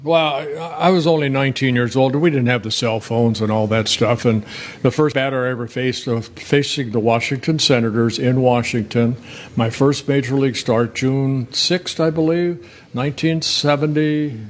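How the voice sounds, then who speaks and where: A man's voice: mid-range voice, steady tone, normal speed. An older man in an interview, telling rambling, folksy stories with many restarts. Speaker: guest, former pitcher. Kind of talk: relaxed interview storytelling.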